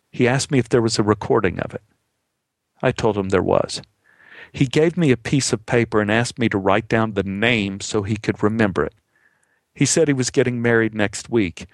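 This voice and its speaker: A middle-aged man telling a comic personal story, animated, his voice climbing high when the story gets tense. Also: gravelly, dry recording.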